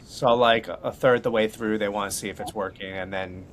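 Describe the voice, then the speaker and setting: A man's voice: fairly low pitch, fairly even intonation, normal speed, a bit bright, slight background noise. A man hosting a podcast interview, tossing in dry joking asides. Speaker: podcast host.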